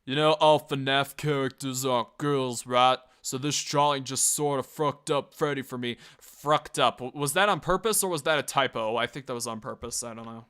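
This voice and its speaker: A man's voice: mid-range voice, moderate pace, few pauses, fairly bright tone, clean tone. A man casually reviewing and reading out online comments, rambling, swearing and laughing as he goes. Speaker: video reviewer.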